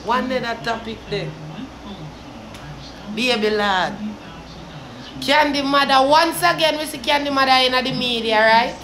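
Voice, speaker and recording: A young Jamaican woman vlogs a heated, cursing rant in a high voice. She drops low and somber, then flares into shouting. The room around her is echoey, with a faint hiss behind. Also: unhurried, pauses often. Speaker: vlogger. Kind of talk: ranting commentary.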